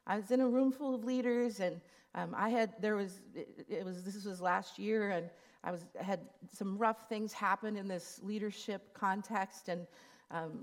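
A woman in her fifties giving a sermon, telling a personal story in an earnest, confiding way. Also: medium pitch. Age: 50s. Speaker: speaker.

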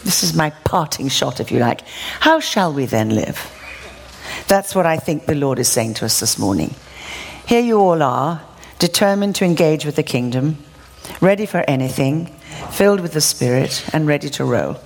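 Woman preacher, humorous storytelling sermon, lively swings in pitch, lowish voice, laughs often. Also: moderate pace, a little hiss or hum. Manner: lively, self-mocking, laughs through her stories.

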